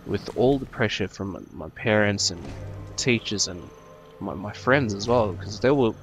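A man's voice: fairly low pitch, moderate pace, faint music behind. A man of twenty-two from New Zealand with an Australian accent, rambling hesitantly about himself with many ums and restarts while he plays a game. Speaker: gaming YouTuber. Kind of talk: rambling talk over gameplay.

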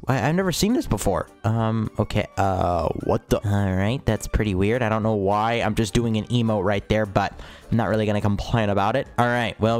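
A man's voice: on the low side, a little mellow. Hyped young man narrating gameplay. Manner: hyped, repeats phrases, frequent gasps and yelps. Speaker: gaming video host. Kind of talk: excited let's-play commentary.

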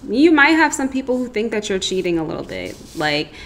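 A woman's voice: medium pitch, sing-song, fairly quick, slight background noise. A woman giving a casual, chatty tarot reading, rambling with lots of asides. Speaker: tarot reader.

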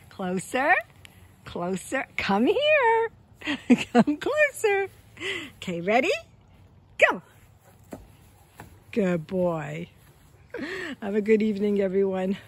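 A woman's voice: on the low side, darkish tone, breathy edge. A woman talking casually to her pet dog in a yard, coaxing it with sing-song calls and frequent laughter. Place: outdoors in a yard.

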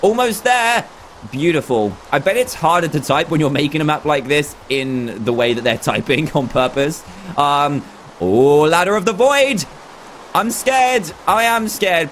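A young man giving excitable, dramatic running commentary as he plays a video game. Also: medium pitch, slight background noise. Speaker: gaming YouTuber. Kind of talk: Let's Play commentary.

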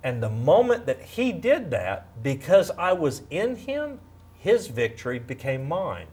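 A man in his fifties sharing a lively faith testimony as a guest, acting out quotes as he tells it. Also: on the high side, a little slow, husky. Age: 50s. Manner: animated, storytelling, acts out quotes. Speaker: guest speaker. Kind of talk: faith testimony in a talk show.

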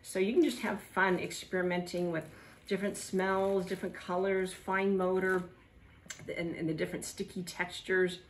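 Leading a toddler lesson, a middle-aged woman uses a sing-song delivery full of big, delighted gasps. Her voice is fairly low in pitch, at a normal speed.

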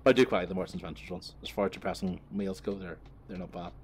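A man's voice: deep voice, steady tone, racing, slight background noise. A young man telling a crude, rambling anecdote while he drives, swearing freely and breaking off to laugh, recorded in his car. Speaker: vlogger.

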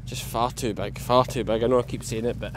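A man's voice: mid-range voice, fairly even intonation, fairly quick. Scottish male farmer vlogger, casual running narration outdoors, noisy field recording. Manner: chatty, talks to the camera while working sheep with a dog. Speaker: sheep farmer. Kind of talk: casual vlog narration while working. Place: outdoors on a farm hillside.

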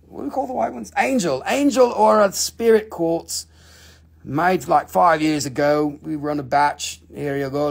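A man with a raised, gravelly, husky voice hosts a live sales stream. He jokes crudely and playfully between prices and slips into silly bits. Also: fairly high pitch. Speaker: host selling crystals on a live stream. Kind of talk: joking live sales pitch.

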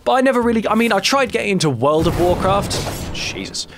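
A man's voice: high voice, very animated, quick pace, fairly bright tone, soft background music. A man in his twenties hosting a let's play, giving casual, rambling and self-deprecating commentary while he plays a card game.

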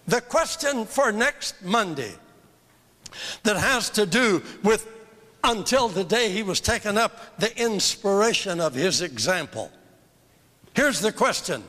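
A man's voice: high-pitched, very animated, slow pace, bright, forceful tone. An older man teaching a church seminar in a fervent, emphatic sermon style, repeating phrases for emphasis. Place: church hall. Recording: long reverb of a large hall.

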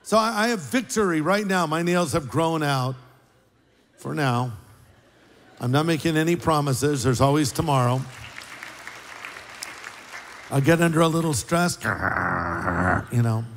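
A man preaching a sermon as pastor, in a conversational, joking way with big swings in pitch. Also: normal speed. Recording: live sermon with long hall reverb.

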